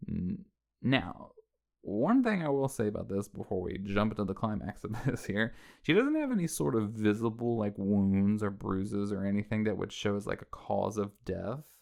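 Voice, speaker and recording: A man's voice: on the low side, big pitch swings, normal speed, vocal fry, a little mellow. A man casually recapping a horror movie scene by scene, rambling and conversational, often checking in with listeners. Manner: rambling, conversational, with frequent "like" and "right?". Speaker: film commentary host.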